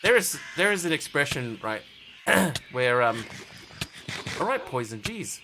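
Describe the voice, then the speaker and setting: A man's voice: a little high, big pitch swings, measured pace, background noise. A man live-streaming a game, chatting casually and jokily with his viewers as he plays. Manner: rambling, jokey, chatty with viewers. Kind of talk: casual live-stream chat while playing.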